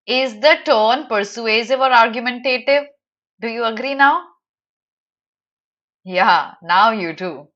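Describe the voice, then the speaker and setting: Teaching live online, this high-pitched woman speaks English with an Indian accent, Hindi being her native language. She's animated and playful, peppering her students with rhetorical questions.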